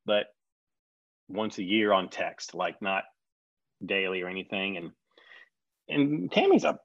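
A middle-aged man telling a story in conversation, animated, acting out the people he quotes. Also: deep voice, unhurried, creaky, no room sound. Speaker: guest recalling a reality show reunion. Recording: dry, slightly dull sound.

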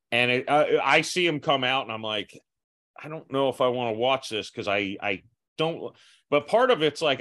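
A man's voice: mid-range voice, a bit bright. Self-mocking male podcast host. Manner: restless, many restarts and self-mocking asides. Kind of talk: casual chat.

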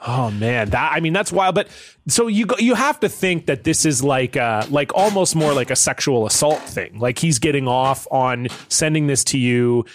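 A man's voice: mid-range voice, lively intonation, moderate pace, a little hiss or hum. A man hosting a podcast in casual chat, frank and joking, asking pointed questions. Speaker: podcast host.

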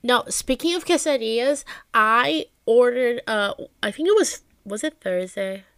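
A woman's voice: on the high side, lively intonation, measured pace, fairly bright tone, clear, resonant tone, dry recording, clean studio sound. A woman co-hosting a podcast, telling stories in casual chat, with lots of "like" and frequent swearing. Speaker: podcast co-host.

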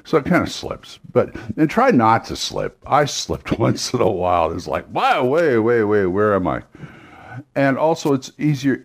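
A man who runs role-playing games gives casual, rambling advice on doing voices and accents, often restarting his sentences. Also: on the low side. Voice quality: rambling, with restarts and quick demos of impressions and accents. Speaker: game master.

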